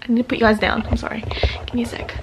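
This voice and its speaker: Excitable young woman vlogging at home. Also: fairly high pitch, racing, in a whisper. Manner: chatty, excitable, laughs often. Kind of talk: casual vlog chat. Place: at home, indoors. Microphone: handheld camera.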